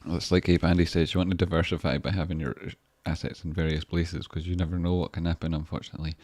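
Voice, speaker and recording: Low-voiced Scottish man chatting on a livestream. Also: little pitch movement, fast, darkish tone, dry recording. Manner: chatty, swears freely, effusive with thanks. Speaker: stock trading livestreamer. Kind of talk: casual livestream chat, reading viewer messages.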